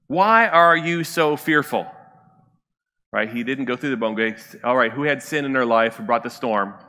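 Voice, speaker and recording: A male pastor delivering a sermon, his bright, forceful voice carrying through a church sanctuary with a long reverb. He talks in a loose, conversational way, often turning to the congregation with a quick question. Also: mid-range voice.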